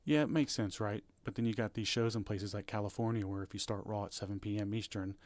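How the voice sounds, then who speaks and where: Low-ish guy rambling on a podcast, dry close sound. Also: steady tone, fast, darkish tone, dry recording. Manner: rambling, frequent restarts and fillers. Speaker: podcast co-host. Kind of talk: casual chat.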